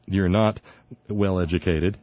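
A man with a deep, steady voice hosts a talk radio show, offering opinionated political commentary at a measured pace. He sounds indignant and sarcastic, often stumbling and restarting. The recording is dry, dull, and lo-fi, with no echo.

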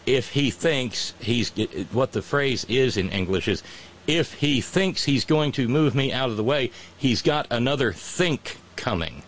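Sarcastic guy doing a political rant, voice jumps all over, lots of slow pauses. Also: medium pitch, a little hiss or hum. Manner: sardonic, mocking, drawn-out pauses. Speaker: comedic commentator. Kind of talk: satirical political monologue.

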